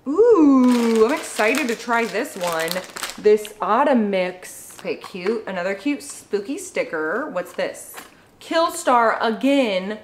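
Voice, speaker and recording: A young woman vlogging at home, chatting excitedly as she unboxes gifts and gushes over them. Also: on the high side, slow, slight background noise. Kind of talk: casual unboxing vlog.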